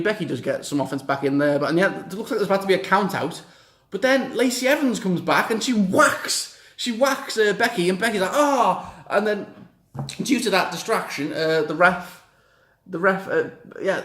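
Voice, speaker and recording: A young man, chatting casually and excitably, swearing as he reacts. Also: high-pitched, echoey room. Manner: excitable, swears, mocks and acts out the wrestlers in little quips. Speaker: reaction vlogger. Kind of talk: casual chat.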